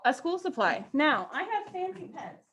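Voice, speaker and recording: A woman's voice: high-pitched, sing-song, normal speed, a bit bright. A woman teaching a math class to students in the room and online, playful and teasing with mock-dramatic outbursts.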